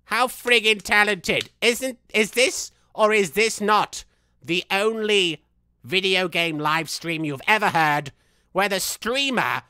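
Over-the-top young villain, voiced by a man, giddy with his own genius, as his bright, sharp voice leaps all over the place and gloats straight at the chat during a game stream. Close, dry sound. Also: high voice, smooth, no room sound, exaggerated voice. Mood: boastful. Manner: boastful, theatrical, wildly swinging delivery, laughs at himself. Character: vain, unhinged young male villain, boastful and manic. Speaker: live streamer in character. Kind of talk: in-character gameplay commentary.

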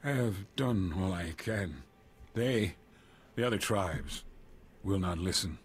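An actor voicing a solemn alien tribal chief in a video game, speaking in a halting, formal way with a husky voice. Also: male voice, deep voice, animated, slight background noise.

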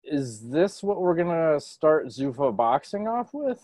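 A man hosting a casual podcast over a video call, talking in an excitable, profane and jokey way. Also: a little high, a little slow, no room sound. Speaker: podcast host.

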